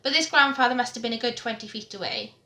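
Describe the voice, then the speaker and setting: Young girl vlogging, bright high voice, giggly storytelling, echoey room. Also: sing-song, fast talker. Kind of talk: casual chat.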